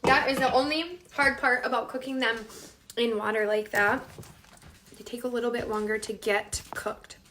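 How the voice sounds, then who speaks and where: A woman with a bright, high voice hosts a live cooking stream from her home kitchen. She chats loosely with viewers, reads their names aloud and talks to herself as she works. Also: fairly even intonation, moderate pace, a little hiss or hum. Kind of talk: casual live-stream chat while cooking.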